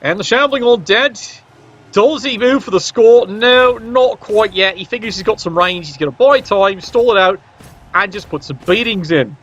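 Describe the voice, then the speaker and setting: A man's voice: sits high, a bit bright. Wry man commentating a match. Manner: wry, joking asides. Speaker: game commentator. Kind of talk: play-by-play commentary. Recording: dull lo-fi recording.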